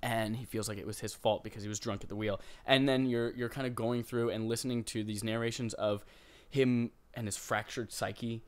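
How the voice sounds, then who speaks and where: A young man co-hosting a gaming podcast, talking casually in an animated, joking and enthusiastic way. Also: mid-range voice, moderate pace. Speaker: podcast co-host.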